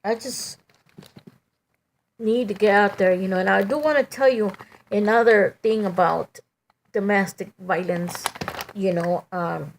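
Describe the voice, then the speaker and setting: A middle-aged woman giving a halting, emotional personal testimony, full of "you know" and restarts. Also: medium pitch, slight background noise.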